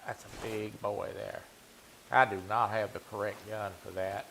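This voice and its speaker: With a lowish, gravelly voice that still has some brightness, a man plays a hunting game on stream and ribs his viewers in a laid-back manner. There's a touch of background noise as he keeps up the casual chat with them.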